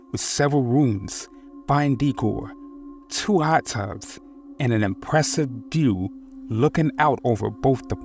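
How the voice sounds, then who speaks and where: A man narrating a first-person horror story in a steady, scripted reading. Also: medium pitch, gravelly.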